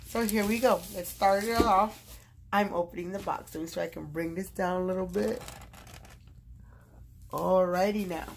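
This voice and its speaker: A woman vlogging casually from her bed, gushing and excitable as she opens a gift box, with lots of fillers. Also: mid-range voice, normal speed, creaky, long pauses, a little hiss or hum. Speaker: YouTube vlogger. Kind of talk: casual unboxing vlog.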